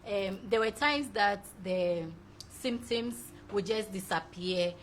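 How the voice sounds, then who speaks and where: A woman's voice: medium pitch, slow, slight background noise. A young woman hosting a show, chatting effusively and laughing often as she reads out viewer messages. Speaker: show host. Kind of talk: casual live-show chat reading viewer comments.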